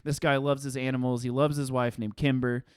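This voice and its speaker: Animated man, clear dry voice. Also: mid-range voice, fairly quick, no room sound. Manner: animated storyteller, swearing, rambling. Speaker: podcast co-host. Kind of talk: casual chat.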